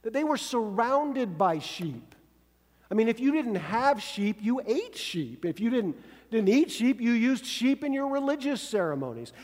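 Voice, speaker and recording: A man's voice: extremely high pitch, sing-song, measured pace, darkish tone, long reverb tail. A man preaching a conversational sermon, often checking in with his listeners by asking "right?". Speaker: pastor.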